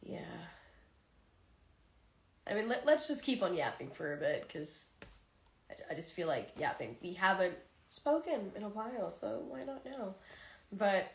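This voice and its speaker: Woman, livestream host on a phone, candid and teary with frequent sighs, mid pitch, roomy echo. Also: animated, measured pace, long pauses. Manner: emotional and tearful, sighing, candid. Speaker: livestream host talking to fans. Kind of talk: casual chat.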